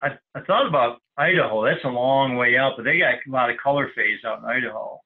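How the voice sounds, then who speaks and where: A man taking part as a guest in a casual hunting podcast, relaxed and agreeable. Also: mid-range voice, fairly quick, narrow, tinny audio. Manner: relaxed, agreeable, frequent short affirmations. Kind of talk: casual chat.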